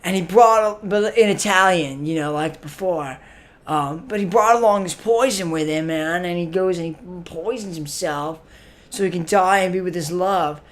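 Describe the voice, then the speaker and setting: A man's voice: high voice, normal speed, close to an everyday voice. An actor playing a clueless, spaced-out young stoner who hosts a comic web show. He drawls through a filler-heavy monologue and keeps tacking "man" onto his phrases. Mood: laid-back. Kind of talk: comedy sketch monologue.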